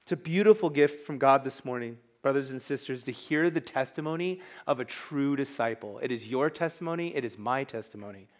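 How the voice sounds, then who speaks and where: A man preaching a sermon as pastor, emphatic and conversational, with asides to the congregation. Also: medium pitch.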